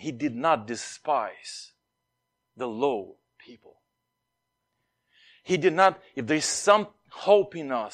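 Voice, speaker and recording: Preacher, male, forties, native Romanian speaker: earnest, lively delivery, somewhat high voice. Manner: earnest, with big swings between loud and soft. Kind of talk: sermon.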